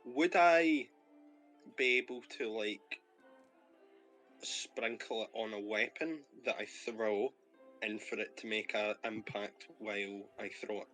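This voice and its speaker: A man chats casually at a tabletop game, asking hesitant questions about what he can do. His voice is bright and fairly low, and his pace is slow. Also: faint music behind, poor audio. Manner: tentative, questioning. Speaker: player.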